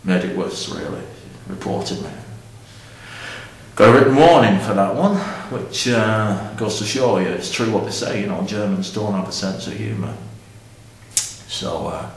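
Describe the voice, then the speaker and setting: A middle-aged man rambling bluntly and tactlessly in a deadpan comic monologue. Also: fairly low pitch, recorded from a distance. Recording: echoey room from off-mic.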